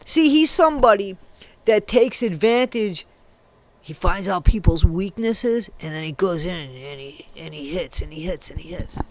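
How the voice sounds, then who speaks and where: Speaking a little slowly in an animated, medium-pitched voice, a commentary creator angrily goes after someone. The rant is heated and accusatory, aimed straight at its subject, with curse words spelled out one letter at a time.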